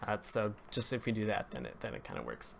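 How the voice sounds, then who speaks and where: A man's voice: on the low side, big pitch swings, fast, gravelly, fairly bright tone, a little hiss or hum. A young man live-streaming a building session, rambling and correcting himself as he greets viewers and talks to chat, his voice cracking now and then. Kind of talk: casual live-stream commentary while building.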